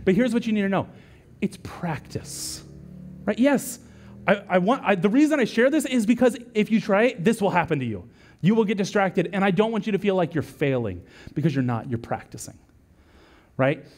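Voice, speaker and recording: A man's voice: high-pitched, a little fast. A male lead pastor preaching a sermon in a conversational, storytelling way, often asking "right?" and acting out quotes. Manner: animated storytelling with acted-out quotes; conversational, frequent "right?" asides.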